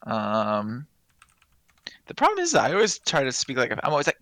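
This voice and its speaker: Laughing man with a lively, bouncy voice. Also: mid-range voice, moderate pace, no room sound. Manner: laughing often, playful. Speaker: podcast co-host. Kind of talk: casual comedic chat.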